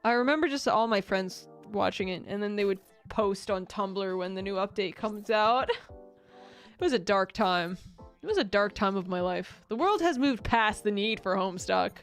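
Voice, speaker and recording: A woman streamer talks casually with her viewers, rambling from one thought to the next and poking fun at herself. Her voice sits at an ordinary middle pitch, and she breaks into laughter often. Faint music plays underneath. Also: animated, normal speed.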